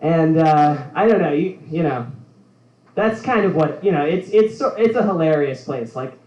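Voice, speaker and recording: A man's voice: a little high, animated, warm tone. Giggly rambling male stand-up comic. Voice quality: halting, filler-heavy delivery with frequent giggles. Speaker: stand-up comedian. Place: comedy club stage. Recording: roomy, dull live recording.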